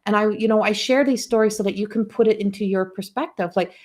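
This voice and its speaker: A woman spiritual coach talks casually on a live stream at a mid-range pitch. She wanders through personal stories and often restarts her sentences. It sounds like an everyday home webcam recording. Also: fast, darkish tone. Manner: rambling, storytelling, frequent restarts.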